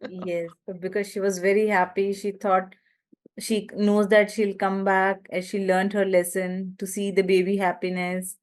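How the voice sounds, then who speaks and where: A woman with a South Asian English accent, answering a teacher's question in a webinar, speaking haltingly and searching for words. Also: mid-range voice, little pitch movement, darkish tone. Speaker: webinar participant.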